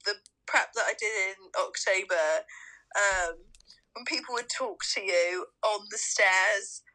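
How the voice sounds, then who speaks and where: A woman with a very bright, sharp voice, chatting casually. She tells stories with energy and acts out her own past lines as she goes. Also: mid-range voice, slow, low-quality recording. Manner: animated storytelling, acting out her own lines. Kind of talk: casual chat.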